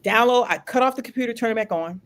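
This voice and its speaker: A woman hosting a casual talk show, telling a long story in an animated way, repeating phrases for emphasis and swearing freely. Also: a little high, fast talker. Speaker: show host.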